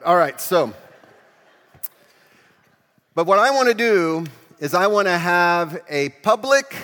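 Animated preacher man in a reverberant church. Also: on the high side. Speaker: pastor. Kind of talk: sermon.

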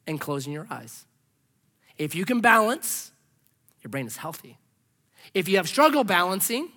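A male pastor delivering a lively sermon, his high, bright voice leaping up and down as he acts out the people in his stories. He shifts from loud, excited outbursts to quiet, almost whispered asides. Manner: animated storytelling, acts out dialogue, swings from loud to hushed.

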